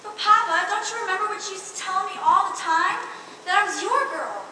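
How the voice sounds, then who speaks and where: A high-voiced teenage actress playing a frightened young bride, begging urgently and breathlessly not to be married. The sound is a distant school-stage recording with a long, booming echo. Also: female voice, a little fast, sharp tone, a little hiss or hum. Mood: pleading. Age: teens. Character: frightened young bride pleading with her father. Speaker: student actor. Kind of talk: stage play acting. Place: large school auditorium stage. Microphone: far camera. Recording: echoey hall from far off.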